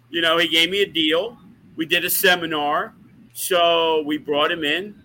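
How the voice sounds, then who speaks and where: Bright-voiced man telling casual stories. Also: a little high, steady tone, measured pace, rough recording. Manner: profane, rambling, uses lots of fillers. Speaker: wrestling promoter. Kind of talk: casual podcast storytelling.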